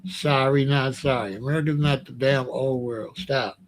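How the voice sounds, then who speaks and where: A man's voice: mid-range voice, steady tone, moderate pace. A middle-aged man ranting bluntly and profanely in casual commentary, repeating himself and dismissing others.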